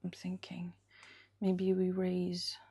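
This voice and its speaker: A woman illustrator talks through her live drawing session in a slow, unhurried way. She thinks aloud and keeps slipping into a soft half-whisper as she sketches. Her voice has a gravelly, husky grain. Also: fairly low pitch, monotone.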